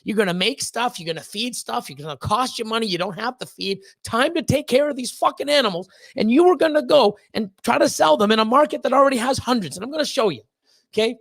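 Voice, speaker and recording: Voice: medium pitch, animated, quick pace, creaky, a bit bright. This is a reptile breeder hosting a casual livestream, talking straight to the chat. The delivery is blunt and heated, full of swearing, repeated pleas and stumbling restarts. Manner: emphatic repeated pleading. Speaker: reptile breeder and channel host.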